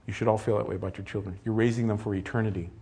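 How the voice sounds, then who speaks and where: Husky-voiced preacher delivering a sermon. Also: male voice, on the low side, level tone, rapid-fire, mellow. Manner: earnest preaching, building to emphatic peaks. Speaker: pastor.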